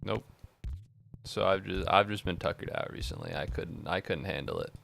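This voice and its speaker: A man's voice: low-pitched, expressive, fairly quick, vocal fry, a bit bright. A tired young man streaming while he plays a game, chatting casually in a rambling, self-mocking way and swearing freely. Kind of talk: casual chat while gaming.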